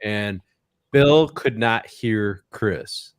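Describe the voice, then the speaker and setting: A man's voice: on the low side, drawn-out words, clear, resonant tone, dry recording, studio quality. A man hosting a casual podcast, steering the conversation and setting up the next story. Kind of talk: casual chat.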